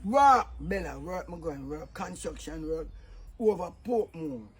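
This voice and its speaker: A man doing boisterous comic patois banter and joking loudly. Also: on the high side, expressive, unhurried, husky. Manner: boisterous, jokey, repeats "yeah, man".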